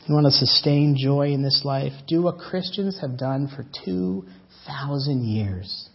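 A man preaching a sermon as pastor, swinging between loud emphatic lines and soft drawn-out words. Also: mid-range voice, creaky, slightly rough. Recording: dull lo-fi church audio.

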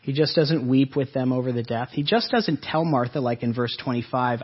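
A man preaching an earnest Easter-season sermon to his congregation, his voice swelling and then dropping soft. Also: medium pitch, normal speed, husky, dull audio. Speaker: pastor.

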